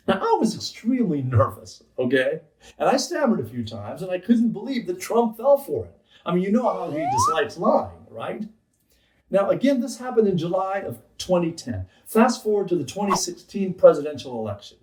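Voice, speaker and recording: A man's voice: sits high, big pitch swings, moderate pace, darkish tone. A man, a comedian, narrating a comic story in a playful, wry way. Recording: roomy, distant mic. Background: faint background music.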